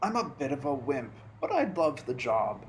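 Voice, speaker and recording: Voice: medium pitch, big pitch swings, normal speed, a little hiss or hum, lightly acted. A storyteller as a timid, wobbly cook. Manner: meek, hesitant. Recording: roomy echo.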